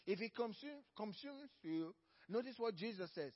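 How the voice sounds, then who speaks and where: A male pastor preaching a sermon in church. He is emphatic and repeats key phrases, moving between loud stresses and soft low asides. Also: animated, normal speed, slightly rough, highs cut off.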